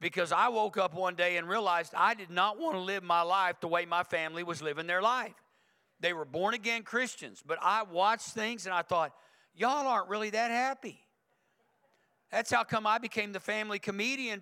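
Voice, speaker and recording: A man delivers a sermon from a church pulpit, talking with his congregation in an easy, conversational way. His voice sits fairly high for a man and rings bright and forceful. He presses each point by repeating it. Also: brisk, big-room sound. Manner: conversational, emphatic preaching with repetition. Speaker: pastor. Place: church sanctuary.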